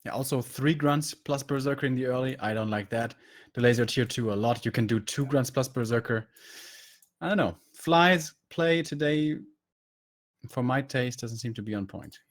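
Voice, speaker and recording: A man's voice: medium pitch, moderate pace. A man casting a live strategy game match, breaking down the play in detail and critiquing the decisions. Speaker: esports caster.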